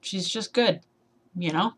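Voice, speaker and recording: A twenty-one-year-old woman chats casually for a tag video on her vlog, her voice fairly low and breathy, moving at a slow pace. She rambles, giggles, and pokes fun at herself, sounding a little short on sleep.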